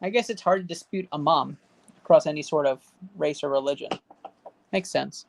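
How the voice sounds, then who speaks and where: A woman's voice: sits low, expressive, normal speed, slight background noise. A woman hosting a live stream, casually chatting with viewers and rattling off running number totals as she opens packs. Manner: rattles off running card value totals aloud; cheers and banters with chat viewers. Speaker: livestream host opening card packs.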